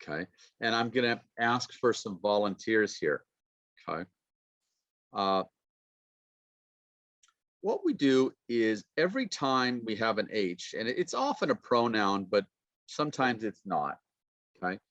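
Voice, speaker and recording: A man teaching a pronunciation lesson, modeling phrases slowly and repeating sounds. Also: on the low side, very animated, fairly bright tone, no room sound, lo-fi sound. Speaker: university lecturer.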